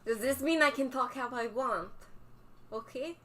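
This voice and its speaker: A woman's voice: high-pitched, a little slow, sharp tone. A woman co-hosting a card-break livestream, teasing in an exaggerated mock Russian accent with broken grammar. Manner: playful, teasing. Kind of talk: joking live-stream chat.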